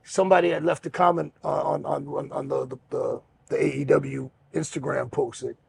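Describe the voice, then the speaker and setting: A middle-aged man hosting a podcast, telling stories in a relaxed, rambling way, swearing freely. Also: on the high side, moderate pace, gravelly, slightly rough. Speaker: podcast host and pro wrestler. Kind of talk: casual storytelling chat.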